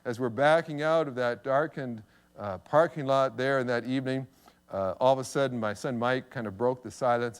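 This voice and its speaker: A man's voice: medium pitch, brisk, smooth. A middle-aged pastor preaching a sermon, telling a story with humor at his own expense. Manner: humorous, self-deprecating storytelling.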